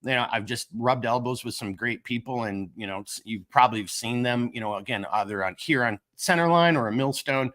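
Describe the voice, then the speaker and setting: A middle-aged man with a Minnesotan accent hosts a casual livestream while coming down with a cold. His voice is bright and forward, and he rambles along, cracking self-deprecating jokes. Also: medium pitch, a little fast, hardly any pauses. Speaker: livestream host of a gear company channel.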